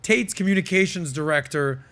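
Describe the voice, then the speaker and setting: A man's voice: a little high, moderate pace, pushed and bright. A man hosting a podcast, giving emphatic, opinionated commentary in a casual way with plenty of fillers. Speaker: podcast host.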